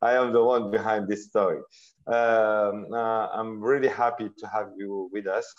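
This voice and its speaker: A man with an Algerian French accent, an incubator founder speaking casually in an online workshop, halting with many fillers and repeated words. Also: on the low side, flat delivery. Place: office. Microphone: video call. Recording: dull lo-fi video call audio.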